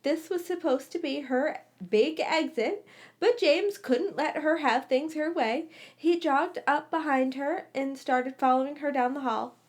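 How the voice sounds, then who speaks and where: A woman reads a story aloud in a high, slow voice, pausing to correct herself and reread phrases. Her delivery is casual and unpolished, an amateur storytelling reading. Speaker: story reader. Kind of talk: reading fan fiction aloud.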